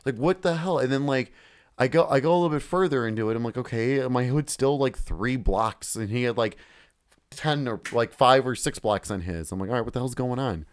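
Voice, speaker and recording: A man's voice: mid-range voice, a little fast, smooth. A man co-hosting a casual podcast, rambling, swearing freely and acting out his own reactions. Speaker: podcast co-host. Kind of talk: casual chat.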